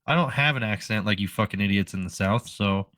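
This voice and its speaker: A man co-hosting a podcast, trading crude jokes and snatches of country songs. His voice sits low, and the sound is dry and close. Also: fairly quick, a bit bright, no room sound, distant mic. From Florida. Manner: crude, joking, sings song snippets. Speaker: podcast co-host. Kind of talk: casual chat.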